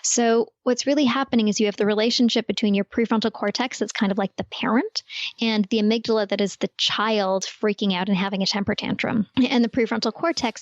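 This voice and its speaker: A woman's voice: fairly high pitch, dry recording. Woman explaining neuroscience in a dry, dull recording. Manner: clear, explanatory, uses everyday analogies. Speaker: neuroscientist guest. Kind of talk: podcast interview, explaining.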